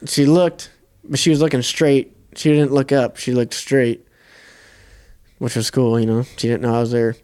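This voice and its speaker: In a casual chat about hunting, a young man co-hosting a podcast spins his story easygoingly with frequent profanity. He talks at an ordinary pace, his mid-pitched voice smooth and clear.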